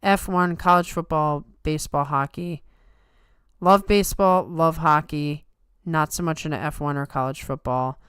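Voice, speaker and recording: A woman's voice: low-pitched, fairly even intonation, normal speed, fairly bright tone, smooth, dry recording, clean studio sound. A tired woman hosting a livestream, chatting casually and answering comments from her viewers. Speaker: livestream host.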